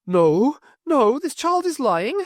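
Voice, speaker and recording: A man doing a shrill frantic mother. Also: very animated, measured pace, darkish tone, no room sound, studio quality, heavily acted. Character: horrified, fierce working-class mother.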